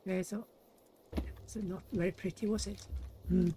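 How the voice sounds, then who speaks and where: A woman's voice: mid-range voice, steady tone, unhurried, long pauses, a little mellow, a little hiss or hum. A young woman hosting a game play-through, chatting casually and muttering to herself as she builds. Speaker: gaming channel host. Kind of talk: casual let's-play commentary.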